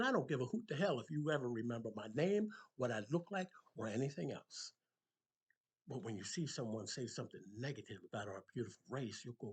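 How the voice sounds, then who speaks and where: Husky, emphatic older man. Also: medium pitch. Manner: emphatic, preacherly, rising to passionate peaks. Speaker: motivational speaker. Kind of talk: impassioned motivational monologue.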